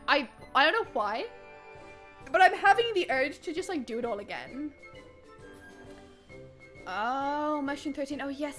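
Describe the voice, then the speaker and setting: A woman streaming a video game live, chatting with viewers and swinging between quiet muttering and excited shrieks. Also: high voice. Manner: chatty, thanks chat viewers by name. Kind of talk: live gameplay commentary.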